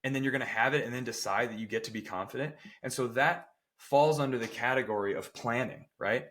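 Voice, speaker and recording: A man's voice: medium pitch, fast, fairly bright tone. Emphatic male coach, podcast chat. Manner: emphatic, keeps checking in with "right?"; acts out people's quotes with playful voices. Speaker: strength coach and podcast co-host.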